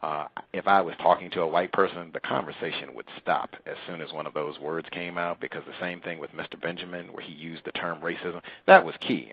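A very deep, gravelly man with a husky edge runs a call-in show, laying out his points slowly and deliberately. His voice sounds dry and dull, as if from a lo-fi studio mic. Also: dry recording. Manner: deliberate, lecturing. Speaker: radio show host.

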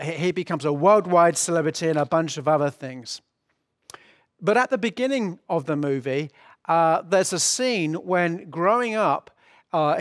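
A man's voice: a little high, dry recording, clean studio sound. A man preaching a sermon as pastor, earnest and explanatory, often restarting his phrases.

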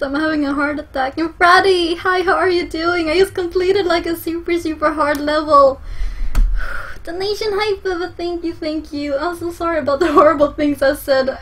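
High-voiced excitable Swedish woman streamer. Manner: excitable, swears a lot, laughs often, swings from shouting to soft. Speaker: game streamer. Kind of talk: excited live gaming stream chat.

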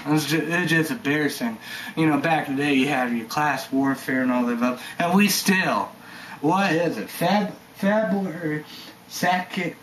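A man's voice: on the high side, slight background noise, poor audio. A man giving a rambling, heated vlog rant, swearing and leaning on "you know" and "stuff like that". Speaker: energy drink reviewer vlogger.

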